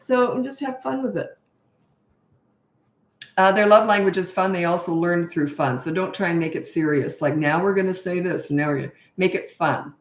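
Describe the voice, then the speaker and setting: Frank, chatty woman in an echoey room. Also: normal speed. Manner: chatty and frank, trails off and restarts, rises high when exasperated. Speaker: parenting coach answering viewer questions. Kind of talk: casual Q&A advice talk.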